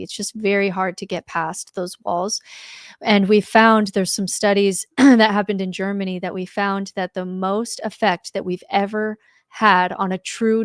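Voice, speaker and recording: Woman, spiritual director, mid-pitched voice, confident explainer, dry sound. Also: no echo. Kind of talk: podcast interview guest.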